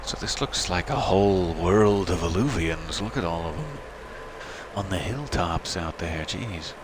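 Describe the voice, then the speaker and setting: A man's voice: sits low, lively intonation, measured pace, background noise. A man giving casual, joking commentary while playing a video game as the host of a let's play. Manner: joking, self-deprecating asides.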